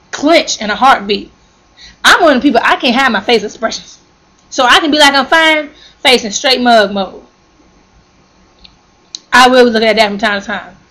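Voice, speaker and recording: Sassy young woman ranting about work, high voice, gets loud acting out arguments. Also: poor audio. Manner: animated, sassy, acts out quoted arguments loudly. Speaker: vlogger telling a work story. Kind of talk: casual storytelling rant.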